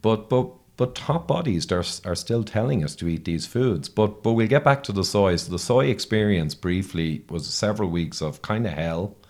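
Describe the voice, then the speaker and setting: A man's voice: on the low side, animated, moderate pace, few pauses, a little mellow. A man hosting a podcast interview, talking conversationally and repeating words as he starts his points. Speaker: podcast host.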